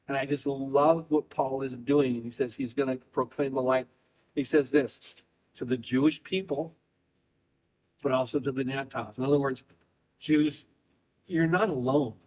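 A man's voice: medium pitch, low-quality recording. Guy preaching a sermon, leans hard on his words, keeps repeating himself. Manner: emphatic preaching, speeding up and slowing down, repeating phrases. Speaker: pastor.

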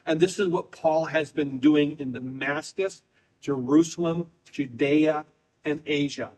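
A man's voice: on the high side, fairly even intonation, darkish tone, low-quality recording. Man, pastor, emphatic sermon, repeats phrases, shifting pace. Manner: emphatic preaching, speeding up and slowing down, repeating phrases.

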